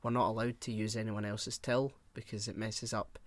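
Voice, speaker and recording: A man's voice: lowish voice, normal speed, no echo. A young British man co-hosting a podcast, telling an anecdote in casual chat, acting out the quarrel and swearing freely. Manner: animated storyteller, acts out quarrels, swears freely. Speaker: podcast co-host.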